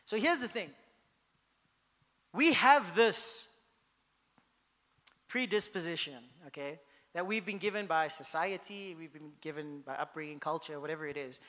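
A man's voice: on the high side, expressive, unhurried, long pauses, bright, forceful tone, big-room sound. A man preaching a sermon as pastor, in a conversational style that keeps checking in with the congregation.

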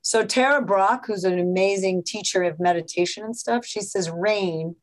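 Speaking at normal speed with a medium pitch, this woman from New York appears as a physician guest in a podcast interview. She explains with animation, drawing on examples and quotes, though the audio quality is poor.

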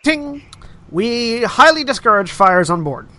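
A man's voice: high-pitched, very animated, measured pace, sharp tone, full character voice. A man voicing a polite onboard announcement that warns passengers off fires, formal and courteous. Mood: polite warning.

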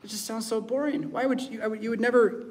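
An American man, a pastor, preaching a lively sermon in church and acting out voices and sounds. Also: extremely high pitch, fast. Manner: animated, acts out voices and sounds.

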